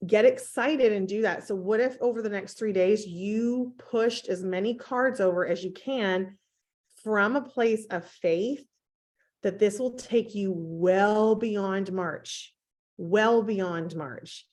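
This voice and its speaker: A woman hosting a motivational team call, talking upbeat and encouraging at an ordinary pitch. She coaches her listeners through an online call connection. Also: slow pace, a little mellow.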